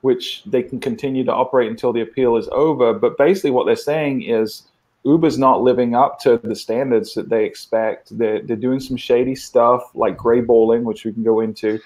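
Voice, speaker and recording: English guy w a southern twang, chatty panelist, mid pitch, explains stuff at length. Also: steady tone, normal speed, a little mellow. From England. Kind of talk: casual chat.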